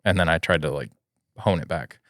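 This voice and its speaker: A young man with a very deep voice co-hosts a casual podcast. He complains in an exasperated way and fills his talk with "like". The sound is dry and close to the mic. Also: fairly quick, a bit bright, dry recording. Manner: exasperated, complaining, lots of filler likes. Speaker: podcast co-host. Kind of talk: casual chat.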